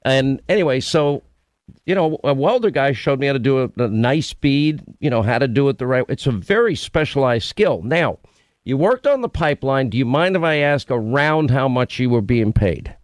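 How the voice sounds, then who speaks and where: Conversational talk-radio host, dry. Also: male voice, medium pitch, lively intonation, normal speed, no echo. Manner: conversational storytelling, interrupting with questions.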